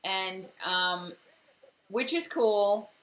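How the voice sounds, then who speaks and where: Bright-voiced woman in casual recap chat. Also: mid-range voice, lively intonation, very slow. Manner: chatty, acts out characters' lines in quotes. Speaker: podcast co-host.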